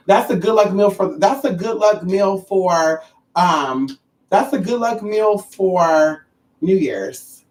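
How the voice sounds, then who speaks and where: A livestream host chatting casually with viewers, sassy, animated and profane, calling listeners honey and girl. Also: mid-range voice, takes it slowly. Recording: roomy and distant from the mic.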